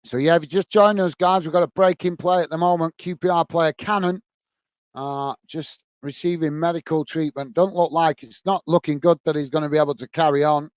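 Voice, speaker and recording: A man's voice: a little high, fairly even intonation, fairly quick, no room sound. A man from England hosting a live football watchalong, casually commentating the play and chatting to viewers. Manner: casual, chatty, calls viewers mate and guys. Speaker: watchalong host.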